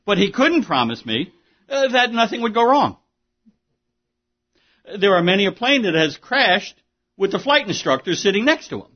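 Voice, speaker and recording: A man's voice: high-pitched, sing-song, moderate pace, long pauses, highs cut off. A man preaching a sermon, with an emphatic, conversational delivery full of asides and rhetorical questions. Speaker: pastor.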